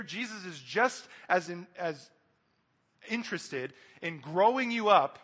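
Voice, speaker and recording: Male preacher with a high voice, earnest and straight-talking to the church, reverberant hall. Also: pushed and bright. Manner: earnest, direct, addresses the congregation. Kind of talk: sermon.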